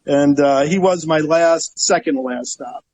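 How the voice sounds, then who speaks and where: A middle-aged man with a slightly high voice tells stories in a relaxed interview. He acts out the people he describes and laughs often. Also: a little slow, low-quality recording. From Northeast Ohio. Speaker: guest, travel website owner. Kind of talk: casual storytelling interview.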